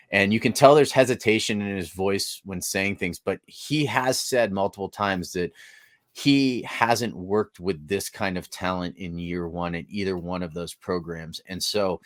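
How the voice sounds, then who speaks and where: A man's voice: sits low, dry recording, clean studio sound. A man co-hosting a sports podcast in casual chat, blunt and opinionated, with the odd mild curse. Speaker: podcast co-host.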